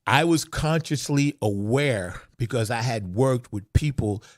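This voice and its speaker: A man who plays funk music, telling stories about his career in an emphatic, animated way that rises into excited bursts. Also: medium pitch, unhurried, no echo, studio quality. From Long Island, New York. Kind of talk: animated storytelling.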